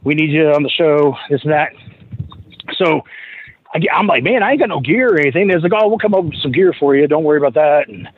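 A man's voice: fairly high pitch, quick pace, slightly rough, no room sound. A man, a wrestler guest on a podcast, telling a rambling, profane story and acting out the voices of the people in it. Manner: profane, animated, acts out quoted voices. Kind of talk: casual storytelling anecdote. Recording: dull lo-fi podcast audio.

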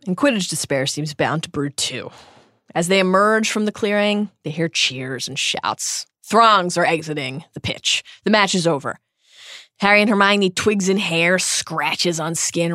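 Woman podcast cohost, lowish voice, bouncy expressive recap, dry close mic. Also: no echo. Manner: lively, expressive storyteller voicing quotes. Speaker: podcast co-host. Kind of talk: scripted recap with banter.

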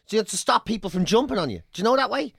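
Animated, foul-mouthed Irish man. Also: high voice, racing, gravelly, no echo, studio quality. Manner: animated, profane, swaggering anecdote-telling. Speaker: podcast co-host telling a travel story. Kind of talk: casual storytelling chat.

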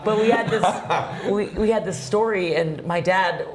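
A woman's voice: medium pitch, normal speed, crowd noise. A woman wrestler as an interview guest, telling personal stories in a chatty, emotional way with lots of fillers. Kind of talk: casual interview storytelling.

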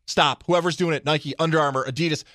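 A man hosting sports radio who talks in an easy, opinionated way. His voice sits a bit high for a man, and the mic sound is dry and close. He keeps the segment moving. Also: steady tone, quick pace, a bit bright, no echo. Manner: conversational, opinionated, steering the segment. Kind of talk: casual sports talk.

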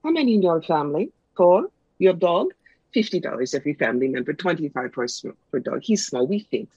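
A woman's voice: sits low, lively intonation, brisk, a little mellow, husky, no room sound. A woman voicing a pushy, swindling fake fortune-teller woman in a bad put-on Russian accent with broken grammar. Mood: wheedling. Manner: broken grammar, wheedling sales patter. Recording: dull lo-fi sound.

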